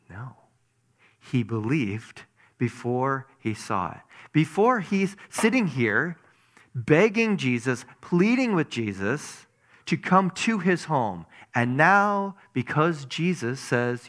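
Animated man preaching a sermon. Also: medium pitch. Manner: animated, asks the audience questions, swings between loud and hushed.

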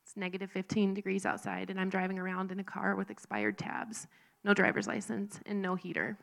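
A woman telling her personal faith testimony in an earnest, halting, emotional way. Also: medium pitch, level tone, creaky, fairly bright tone. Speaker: speaker sharing a recovery testimony.

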